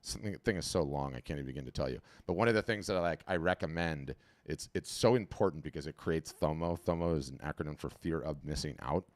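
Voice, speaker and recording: A man hosting a casual live video-call webinar, talking in an animated, chatty way and often repeating and restarting his words. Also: extremely low pitch, quick pace, hardly any pauses, no echo. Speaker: webinar host auditing artist profiles. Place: home.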